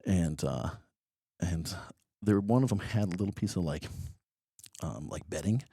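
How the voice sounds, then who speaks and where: A man's voice: sits low, measured pace, mellow, slightly rough, dry recording, studio quality. A man chatting casually as a podcast guest, telling stories with many ums and a joking manner. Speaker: reptile expo guest.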